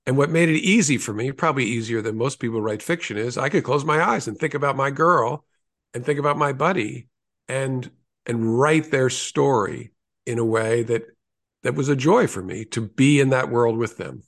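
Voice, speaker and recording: A man in his sixties talks about his writing as an interview guest. His voice sits in a middle register, and his answers are earnest and reflective. He tells his stories at an unhurried pace, now and then pausing to restart a thought. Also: mid-range voice, a bit bright. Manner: earnest, storytelling, with small restarts.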